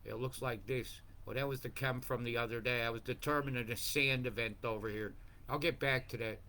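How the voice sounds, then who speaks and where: Fluchender Mann, schimpfend über Wetterkarten. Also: male voice, medium pitch, fairly even intonation, brisk, sharp tone, a little hiss or hum. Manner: profane, ranting, jumps between mumbling and bursts. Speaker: weather commentator. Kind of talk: rambling weather-map commentary.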